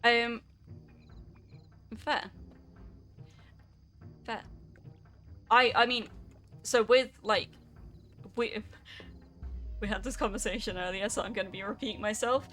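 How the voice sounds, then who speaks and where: A woman's voice: on the high side, steady tone, takes it slowly, pauses often, pushed and bright, soft background music. A young woman streaming a game, chatting casually and rambling through stream chat with lots of fillers.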